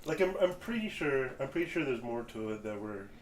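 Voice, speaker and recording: A man's voice: mid-range voice, sing-song, brisk. A man rambling through a casual podcast chat, hunting for his words. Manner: rambling, many fillers and restarts. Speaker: podcast co-host. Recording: roomy, faint background hiss.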